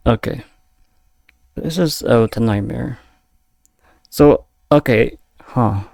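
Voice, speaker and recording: Halting gravelly man reacting to a video. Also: mid-range voice, a little mellow, dry recording, studio quality. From Peru. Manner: halting, repeats "right?" and "okay". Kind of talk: casual reaction commentary.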